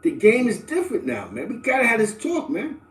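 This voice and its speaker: A middle-aged man from the Bronx, talking casually to livestream viewers in animated street slang and often asking "you know what I'm saying". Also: very high voice, fairly quick. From the Bronx, New York. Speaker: livestream host. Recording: roomy, distant from the mic.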